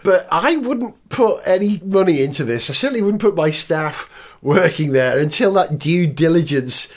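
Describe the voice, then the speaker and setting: A man's voice: a little high, animated, normal speed. A man co-hosting a casual motoring podcast, wry and opinionated. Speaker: podcast co-host. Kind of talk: casual chat.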